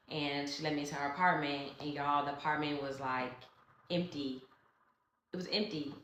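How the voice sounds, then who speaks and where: Woman vlogger telling her story, lowish voice but bright and tense, kinda echoey room, talks right to viewers. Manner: emotional, conversational, talks straight to viewers. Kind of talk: storytime vlog narration.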